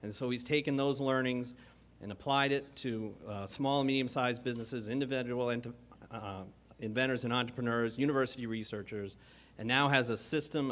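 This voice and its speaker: A man hosting an event and introducing the keynote speaker in a conference hall, halting often as he talks. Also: mid-range voice, a bit bright. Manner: halting, many fillers and restarts. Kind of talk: formal introduction speech.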